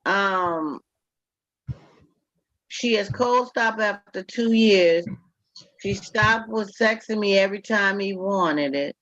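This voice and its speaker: A woman hosting a casual talk show, speaking frankly and earthily, quick to joke. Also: medium pitch, fairly bright tone, no room sound. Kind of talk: casual chat. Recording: dull lo-fi dry sound.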